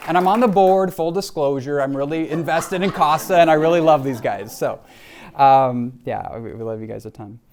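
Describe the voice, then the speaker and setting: A man's voice: a little high, normal speed, darkish tone, a little hiss or hum. Middle-aged man, live leadership talk, earnest, heartfelt, "right?" asides. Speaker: leadership speaker. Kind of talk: live motivational talk to an audience. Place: event venue with a live and online audience.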